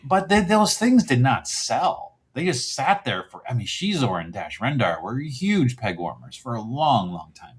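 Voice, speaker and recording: A man's voice: mid-range voice, very animated, a little slow, hardly any pauses, husky. A man guesting on a podcast, chatting casually and rambling, often chuckling and poking fun at himself. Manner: rambling, chuckling, self-mocking.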